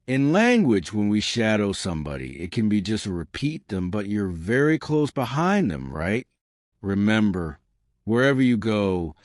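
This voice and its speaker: A man's voice: fairly low pitch, dry recording, clean studio sound. A man, explaining tips for learning in a chatty manner and often checking in with "right?". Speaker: English teacher.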